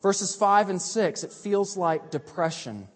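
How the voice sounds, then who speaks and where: A man preaching a sermon as pastor. He moves between urgent, raised lines and hushed, quiet ones. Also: high-pitched, takes it slowly. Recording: long reverb of a large hall.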